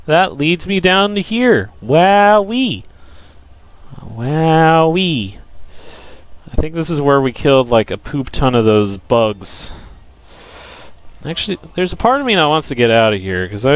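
A young man giving profane, frustrated gameplay commentary, yelling at enemies and joking with viewers. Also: mid-range voice, no echo. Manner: jokey self-promotion to viewers. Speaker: let's play gamer.

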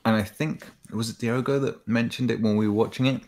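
A man co-hosting a gaming podcast, talking in a relaxed, rambling way and calling his friend "man" and "bro". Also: mid-range voice, a little fast. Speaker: podcast co-host. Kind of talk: casual gaming chat.

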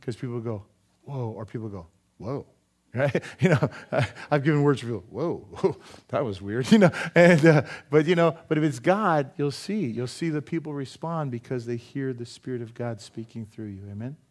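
A man's voice: mid-range voice, fairly quick. A man, a pastor, closing his sermon with a fervent, emphatic prayer full of repeated phrases, speaking in a church. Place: church sanctuary.

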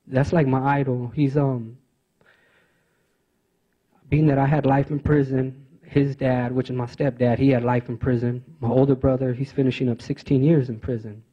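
A man giving a speech at a conference, telling personal stories in an earnest, halting way with many fillers and restarts. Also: medium pitch, husky, highs cut off. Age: adult father of teenage sons. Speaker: conference speaker.

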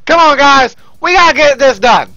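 A man commentating his own gameplay, loud and profane, often yelling into a close desk mic. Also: extremely high pitch, expressive, moderate pace, vocal fry, dry recording, lo-fi sound.

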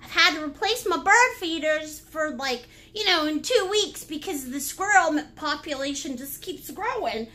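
A woman's voice: high voice, moderate pace, hardly any pauses. A woman hosting a live painting class, joking around playfully and greeting viewers by name. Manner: animated, breaks into laughs and silly sounds. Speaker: painting instructor and livestream host. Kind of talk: lively livestream painting class.

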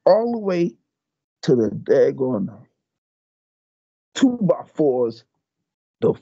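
An older man, a martial arts master, telling a story in an interview, animated and stumbling over repeated words. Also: mid-range voice, drawn-out words, gravelly, slightly rough, no room sound, dull audio.

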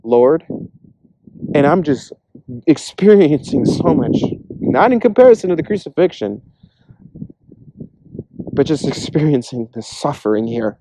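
A man preaching a casual, earnest sermon, acting out imagined voices in quick asides. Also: on the high side, very animated, noisy background.

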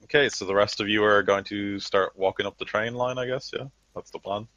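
Deep-voiced guy running a tabletop game, lots of "like" and "uh", muffled audio. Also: steady tone, a little fast, pushed and bright, no room sound. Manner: loose, filler-heavy narration. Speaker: game master.

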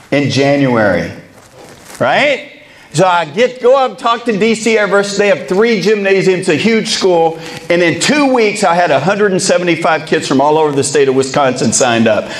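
A middle-aged man, a baseball coach, giving a motivational keynote and telling an animated, comic story with quoted dialogue. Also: fairly high pitch.

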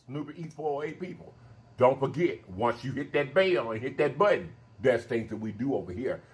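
A man hosting a mukbang vlog, talking straight to his viewers in an animated, emphatic way and repeating his phrases for effect. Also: mid-range voice, normal speed. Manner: emphatic, preachy encouragement. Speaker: mukbang channel host. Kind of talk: casual vlog sign-off talk.

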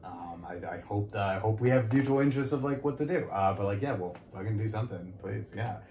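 A man's voice: fairly low pitch, fast, dark tone. A man, a podcast guest, talks in a casual, frank conversation, rambling with many fillers and self-corrections. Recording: echoey room, light background noise.

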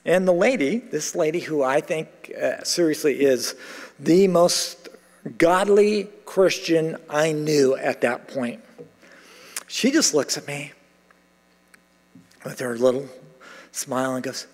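A man's voice: fairly high pitch, slow pace, long pauses. A middle-aged man preaching a sermon as pastor, telling a story animatedly and acting out the dialogue. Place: large church sanctuary. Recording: long hall reverb.

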